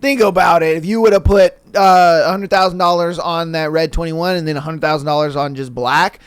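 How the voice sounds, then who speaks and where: A man's voice: fairly high pitch, fairly even intonation, a little fast, clean tone, no room sound. A man hosting a podcast, reading listener jokes aloud and chatting casually, calling his co-host "bro" and laughing along. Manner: laid-back, says "bro" a lot, laughs at own reading.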